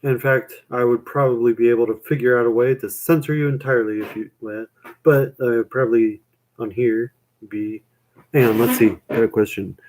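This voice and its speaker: A man's voice: medium pitch, steady tone, fairly quick, darkish tone. A young man chatting on a live stream, rambling with lots of fillers and casual swearing.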